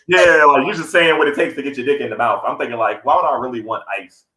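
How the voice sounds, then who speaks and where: Man, podcast co-host, animated storytelling, bright tone, echoey room. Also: mid-range voice, quick pace. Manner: animated, acts out quotes in a raised voice. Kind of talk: casual storytelling chat.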